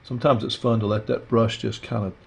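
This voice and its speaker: An art instructor gives a casual watercolor demo, walking through his steps in a relaxed, meandering way full of filler words. His voice is medium in pitch, brisk, gravelly and husky.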